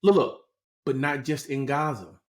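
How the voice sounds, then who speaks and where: In this laid-back political conversation, a man co-hosting a podcast explains current events, frequently tossing in "right?". He speaks unhurriedly in a medium-pitched voice.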